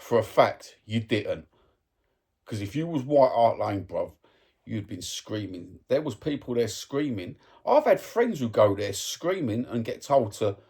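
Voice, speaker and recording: A man's voice: fairly low pitch, a little mellow, slightly rough. A man giving a blunt, sweary, heated football match review as a fan vlogger.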